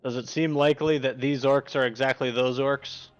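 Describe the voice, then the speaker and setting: A man plays in a tabletop game and asks earnest questions. His voice is smooth and clear but stays very flat. Soft music plays behind him. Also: mid-range voice, moderate pace, muffled recording. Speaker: player.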